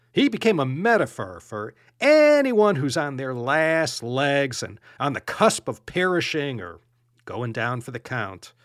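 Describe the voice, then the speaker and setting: A man hosting a podcast, telling an old tale in an animated, playful storytelling way. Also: mid-range voice, no echo, clean studio sound. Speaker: podcast host.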